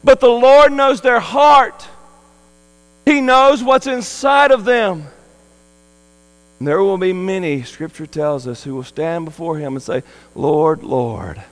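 A man preaching a sermon at an unhurried pace, earnest and pleading, building to impassioned emphasis. His voice is smooth and clear and slightly higher than most men's. It carries a long reverb with a faint mains hum underneath. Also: fairly bright tone. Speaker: pastor.

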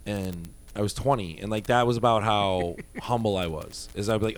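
A young man in casual chat, telling animated stories and swearing freely. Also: fairly low pitch, brisk, a little hiss or hum.

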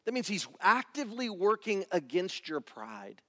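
A middle-aged male pastor preaching a sermon in a church, animated and acting out little family scenes. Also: high voice, normal speed, dry recording. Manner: animated, acts out family scenes in different voices.

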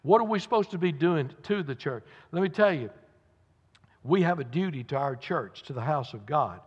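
A man's voice: on the high side, lively intonation, moderate pace, breathy edge. A man preaching a sermon to his congregation, earnest and emphatic, with folksy asides. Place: church sanctuary. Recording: muffled church recording with long reverb.

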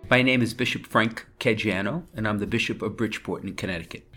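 A middle-aged man with a New York accent, a bishop telling family stories in an interview, animated and laughing as he talks. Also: lowish voice, fast, soft background music. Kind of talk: storytelling interview.

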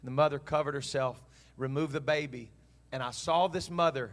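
A man preaching to his congregation in an earnest, heartfelt way. He tells the story by acting out both sides of a conversation, and his pitch sits in an ordinary middle range. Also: normal speed. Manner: earnest storytelling preacher, voices God and himself in dialogue. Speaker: pastor. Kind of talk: sermon.

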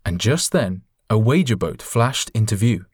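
A man's voice: fairly low pitch, expressive, a little slow, darkish tone, slightly rough, no room sound. Man reading a storybook, close and dry. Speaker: audiobook reader. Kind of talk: storybook narration.

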